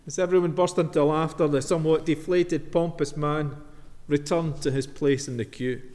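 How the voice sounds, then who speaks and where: Guy preaching in church, fairly high voice, long echo tail. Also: steady tone, darkish tone. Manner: storytelling with dramatic pauses. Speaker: minister. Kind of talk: sermon with Bible reading.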